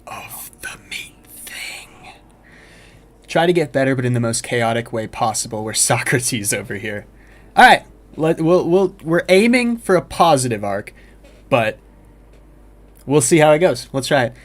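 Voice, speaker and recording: A man's voice: medium pitch, sing-song, normal speed. A young man giving casual, joking let's-play commentary as a game streamer, swearing freely. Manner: chatty, joking, swears a lot.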